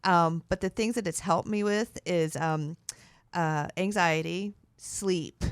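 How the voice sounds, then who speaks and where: A woman's voice: lowish voice, slow, smooth, no echo. A middle-aged woman co-hosting a podcast, talking casually and rambling with many fillers. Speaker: podcast co-host. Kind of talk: casual chat.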